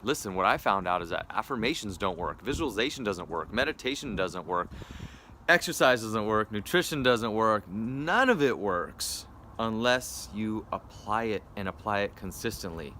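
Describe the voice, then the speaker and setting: Upbeat, forceful male wellness coach. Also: on the low side, big pitch swings, moderate pace, slight background noise. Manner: upbeat, persuasive, with casual fillers. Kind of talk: direct sales pitch to viewers.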